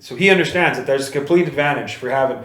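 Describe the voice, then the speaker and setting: A man's voice: medium pitch, fast, fairly bright tone, reverberant. A man co-hosting a podcast, chatting casually and telling rambling stories with acted-out quotes. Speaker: podcast co-host. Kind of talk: casual chat.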